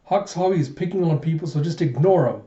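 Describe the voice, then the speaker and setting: A man's voice: fairly high pitch, quick pace, dark tone, voice pushed up, close to an everyday voice. A man voicing a firm young princess who scolds her quarreling companions, reading aloud from a manga. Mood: scolding. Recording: dull echoey room recording.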